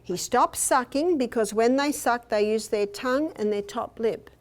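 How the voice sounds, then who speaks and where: An older woman shares personal stories at a health seminar held in a hotel meeting room, performing the quoted lines of others. She speaks at a normal speed in a fairly high voice.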